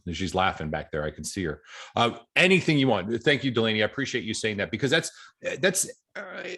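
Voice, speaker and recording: Guy coaching a real estate group on a call, animated, tells stories, upbeat. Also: on the low side, fast talker.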